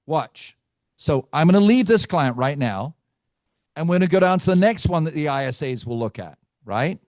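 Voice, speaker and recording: Brash high-voiced male sales trainer. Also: dry recording, studio quality. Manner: brash, teasing, quizzes the audience. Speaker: real estate team trainer. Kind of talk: live team training session.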